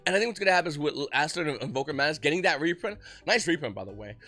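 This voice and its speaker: A man giving excited, rapid market commentary as host of his channel, often restarting his sentences. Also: on the high side. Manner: talks fast when excited, frequent restarts. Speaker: trading card market commentator.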